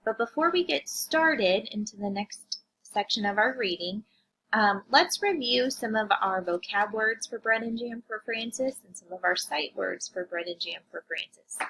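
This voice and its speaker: A woman teacher reviewing vocabulary and phonics with young children, sounding words out slowly and asking them questions. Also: on the high side, animated, pushed and bright, slight background noise, low-quality recording. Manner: slow, drawn-out phonics sounding-out, addressing kids.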